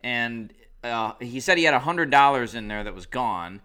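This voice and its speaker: A man's voice: mid-range voice, animated, normal speed, pushed and bright, clear, resonant tone. A man co-hosting a podcast, recounting a story in casual chat with a laid-back manner. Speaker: podcast co-host.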